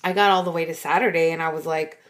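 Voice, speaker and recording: A woman's voice: low-pitched, steady tone, fast. A woman co-hosting a podcast, talking in a chatty, rambling way with lots of fillers. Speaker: podcast co-host. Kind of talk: casual chat.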